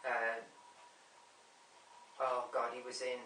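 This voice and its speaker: A man's voice: medium pitch, completely flat delivery, slow, pushed and bright, slight background noise. A man chatting casually about films, rambling and repeating himself as he forgets names. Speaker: movie vlogger ranking a top ten. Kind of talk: casual rambling film chat. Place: room at home. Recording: echoey room, mic at a distance.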